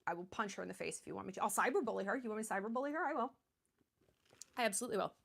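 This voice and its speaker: A woman in her thirties hosting a charity livestream speaks rapid-fire in a medium-pitched voice that's gravelly and a bit bright. Her casual talk is chatty and blunt, full of fillers.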